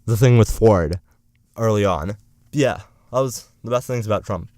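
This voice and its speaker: A man's voice: fairly low pitch, moderate pace, a little mellow, dry recording, clean studio sound. A young man in college rambling through a profane, sarcastic political rant as a vlogger. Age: young adult.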